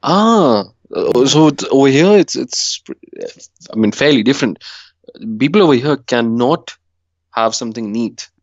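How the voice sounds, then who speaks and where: Man from India, storytelling guest, animated, dry dull sound. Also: medium pitch, a little slow, dry recording. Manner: animated, acts out his panicked past self with laughs. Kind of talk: casual storytelling chat.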